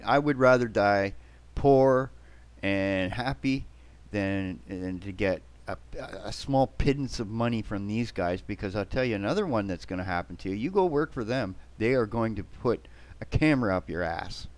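A man's voice: fairly low pitch, moderate pace. An older man in a blunt, combative monologue to camera, often ending points with "right?" or "okay?". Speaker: vlogger.

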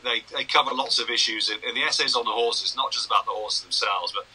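A man's voice: mid-range voice, fairly even intonation, fast, sharp tone, husky, low-quality recording. A man in his sixties, a broadcaster and journalist, chatting anecdotally over a video call. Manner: chatty, anecdotal, self-deprecating. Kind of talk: casual interview chat.

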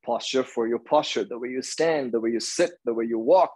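A man's voice: medium pitch, brisk, a little mellow, poor audio. A man leading a hot yoga class, giving firm, rhythmic commands and counting through each pose. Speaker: yoga teacher. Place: yoga studio.

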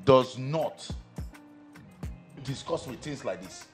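Animated Nigerian man ranting. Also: medium pitch, slow pace, music in the background. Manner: emphatic, animated, ranting with bursts of laughter. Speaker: guest co-host. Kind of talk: casual podcast chat.

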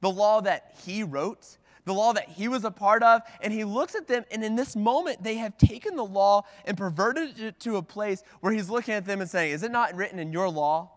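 Standing at the pulpit of a church sanctuary, a man gives a sermon in a casual, talky way, repeatedly saying "like" and restarting. He has a high, slightly bright voice at normal speed, echoed by the long reverb of a church hall.

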